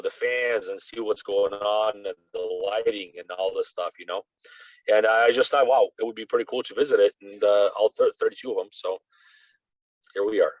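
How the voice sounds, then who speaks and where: A low-voiced man from Russia, whose first language is Russian, talks as a podcast guest. He tells his stories in an animated, rambling way, dropping "you know" into nearly every thought. The recording sounds dry and a little dull and lo-fi. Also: no echo. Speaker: guest reporter. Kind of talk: casual conversational storytelling.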